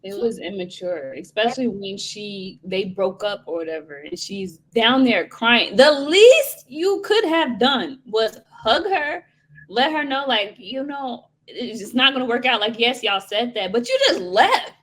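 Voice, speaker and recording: Husky-voiced woman, lively guest. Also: fairly high pitch, measured pace. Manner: animated, laughs often. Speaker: podcast guest. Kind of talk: casual chat reviewing a reality show.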